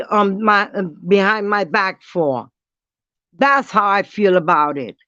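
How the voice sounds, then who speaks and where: A woman ranting bluntly to her viewers in a casual vlog, defiant and dropping quick apologies. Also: medium pitch, a bit bright, no echo. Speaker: vlogger. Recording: dull lo-fi dry sound.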